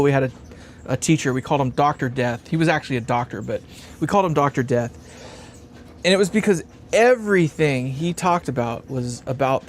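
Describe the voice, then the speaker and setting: A man's voice: fairly high pitch, slight background noise. A man hosting a casual livestream while building a guitar amp, rambling, laughing often and swearing freely.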